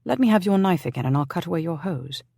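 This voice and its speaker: A man's voice: a little high, expressive, fast, vocal fry, darkish tone, no echo, pitched above the performer's own voice. A narrator voicing a stern, sensible nobleman who speaks tightly and scolds, in a dry recording.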